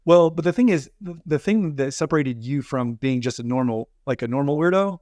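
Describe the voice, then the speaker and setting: A man's voice: fairly high pitch, animated, fairly quick, darkish tone, no room sound, studio quality. A man in a casual podcast conversation, friendly and teasing, peppering his speech with "like". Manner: friendly, teasing, uses filler "like". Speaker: podcast guest.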